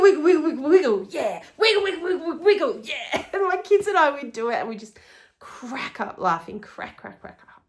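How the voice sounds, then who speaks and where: A middle-aged woman, a life coach, talking casually to camera in a chatty, upbeat way, often laughing. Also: lowish voice.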